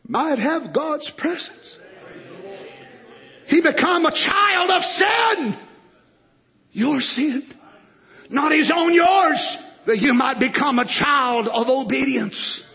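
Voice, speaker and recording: A man preaching a fiery sermon, jumping between loud shouting and hushed near-whispers. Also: very high voice, animated, slow, creaky, long pauses, dull audio. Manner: swings from shouting to hushed, plays God's voice in quotes.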